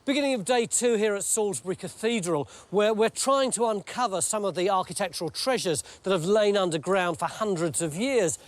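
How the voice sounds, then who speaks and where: An English man presenting and narrating a documentary in a lively, jokey manner. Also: high-pitched, fairly quick, few pauses, dry recording.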